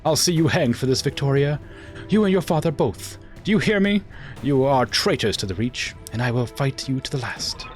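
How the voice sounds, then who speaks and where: A man's voice: fairly low pitch, wildly swooping pitch, fast, hardly any pauses, a bit bright, soft background music, voice pushed up. A male streamer voicing a young royal heir who has been betrayed, reading her lines aloud in a raised voice. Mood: defiant. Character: young heir to a throne, defiant and angry.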